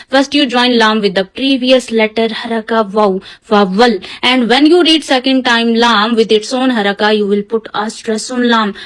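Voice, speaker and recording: Woman teaching tajweed, slightly high voice, patient step-by-step explaining. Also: fairly bright tone, poor audio. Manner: patient step-by-step explaining, slowed drawn-out recitation of example words. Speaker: Quran teacher. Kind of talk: tajweed lesson.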